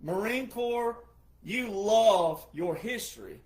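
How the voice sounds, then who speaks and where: High-voiced man ranting emphatically. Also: lively intonation, slow pace. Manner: forceful, repetitive, rhetorical questions. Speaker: retired military veteran commentator. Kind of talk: emphatic monologue commentary.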